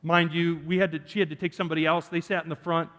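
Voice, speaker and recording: A man's voice: a little high, fast talker. A man preaching a sermon, telling a personal story with jokes for the congregation. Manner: animated, joking with the congregation. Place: church sanctuary. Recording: church hall reverb.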